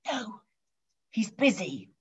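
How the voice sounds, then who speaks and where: A woman's voice: a little high, animated, measured pace, slightly rough, voice pushed up, full character voice. A woman whispering as a tiny child. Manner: hushed whisper. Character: small child whispering on the phone. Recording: dull lo-fi sound.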